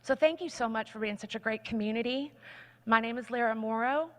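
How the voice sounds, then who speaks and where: A woman's voice: a little high, a little fast, a bit bright. Emphatic woman on stage in a hall. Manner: candid and emphatic. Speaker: speaker at a conference talk. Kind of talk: inspirational stage talk. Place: large conference hall. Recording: long hall reverb.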